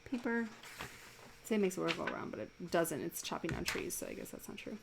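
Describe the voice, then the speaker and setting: Chatty woman streamer drawing live, voice sits low with a gravelly edge; amused, rambling asides. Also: very animated, a little fast, background noise. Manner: chatty and amused, laughs often, rambles between thoughts. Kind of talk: casual chat while drawing live. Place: home desk.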